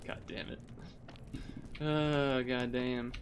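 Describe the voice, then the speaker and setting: A man's voice: medium pitch, level tone, very slow, slight background noise. Frustrated young man streaming a game. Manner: frustrated, swearing, muttering then exclaiming. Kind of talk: live gameplay commentary. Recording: faint game music behind.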